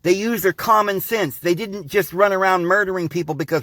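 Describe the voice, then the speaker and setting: High-voiced man preaching to listeners. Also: a little fast, a bit bright, dry recording, clean studio sound. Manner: rambling, insistent, addresses listeners as guys and friends. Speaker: podcast host. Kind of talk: preachy monologue.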